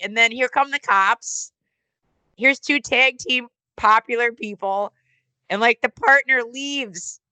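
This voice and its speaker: A middle-aged woman telling stories in a casual interview, animated and swearing, acting out quotes in other voices. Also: dry recording, poor audio. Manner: animated, swearing, acts out quotes with big pitch jumps. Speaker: interview guest, former wrestling announcer and musician. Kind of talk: casual storytelling.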